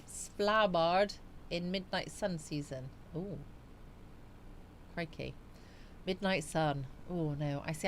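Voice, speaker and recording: A woman hosting a relaxed live chat stream, reading her viewers' comments and chatting back to them. Her delivery is loose and meandering, with frequent fillers and thinking out loud. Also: fairly low pitch, a little hiss or hum. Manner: chatty and rambling, musing aloud with frequent fillers. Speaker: livestream host.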